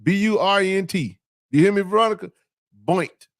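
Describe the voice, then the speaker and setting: A man with a high, bright speaking voice hosts a casual sports talk show. He piles on repetitions and playful trash talk in a dry, close recording. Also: moderate pace, dry recording.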